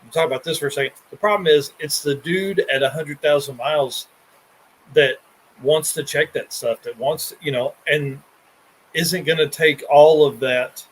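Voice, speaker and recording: A man's voice: fairly high pitch, normal speed, a little hiss or hum, rough recording. A man hosting a car podcast, chatting casually and rambling with restarts and fillers. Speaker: podcast host.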